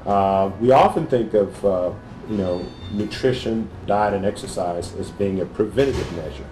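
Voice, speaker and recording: A man, a cardiologist, answering interview questions in a measured, thoughtful way with frequent pauses and fillers. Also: lowish voice, lively intonation, darkish tone, echoey room, slight background noise.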